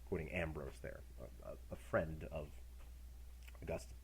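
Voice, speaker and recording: A man's voice: extremely low pitch, normal speed, vocal fry, long pauses, slight background noise. A middle-aged man giving a university lecture in a casual, jokey way, acting out examples as he goes.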